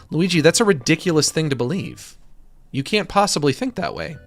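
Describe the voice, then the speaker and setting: A man's voice: a little high, lively intonation, a little fast, fairly bright tone. A man giving casual, rambling commentary while drawing, joking and swearing freely. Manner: rambling, jokey, profane. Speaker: streamer.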